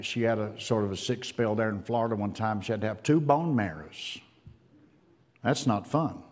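An older man preaching with a folksy storytelling manner, his voice rising loud, then dropping hushed. His mid-range voice rings out with a long reverb, as in a church hall. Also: mid-range voice. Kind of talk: sermon.

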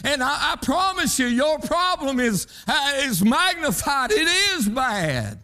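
Man, preacher, very high voice, rhythmic sermon delivery, calls out "hey" and "huh", country speech. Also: lively intonation, unhurried, hardly any pauses, pushed and bright.

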